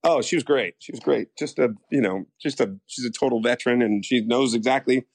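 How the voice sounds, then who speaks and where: A young American man who acts on soap operas rambles through stories in a casual interview, packing in fillers and acting out quotes. His medium-pitched voice moves a little fast, and there's no echo.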